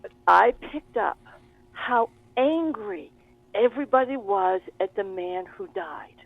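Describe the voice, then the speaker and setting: A woman guest in an interview, telling stories in an animated, expressive way. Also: mid-range voice, slow, creaky. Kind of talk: interview conversation. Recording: tinny phone line.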